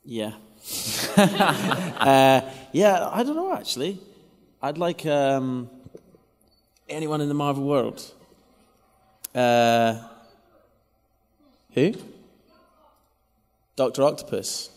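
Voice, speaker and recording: A young man speaking into a handheld mic at a convention panel, halting and restarting often. His voice sits at a middle pitch, and a long reverb trails off the hall walls. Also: animated. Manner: hesitant, laughing, full of restarts. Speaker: actor panelist.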